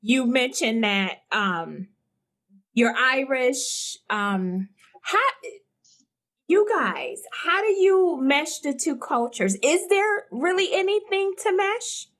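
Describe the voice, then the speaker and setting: A woman's voice: high-pitched, big pitch swings, slow, fairly bright tone. A woman hosting a podcast, asking her guests questions in a casual interview. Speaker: podcast host.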